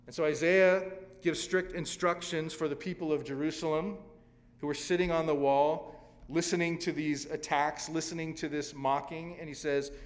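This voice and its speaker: A man's voice: on the high side, in a large hall. A male pastor preaching a sermon, telling a scripture story dramatically with sudden swells of emphasis.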